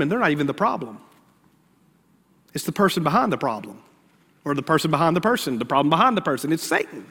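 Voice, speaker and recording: Bright-voiced male pastor preaching in a reverberant hall. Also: high-pitched. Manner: conversational preaching, acts out prayers and asides. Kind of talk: sermon.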